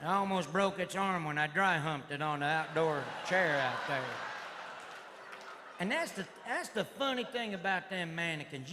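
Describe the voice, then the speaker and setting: Before a live audience on a comedy club stage, a middle-aged man with a Southern US accent rambles through a rowdy, redneck-drawled set and shouts his punchlines. His voice sits high, and the live hall recording picks up crowd noise and laughter.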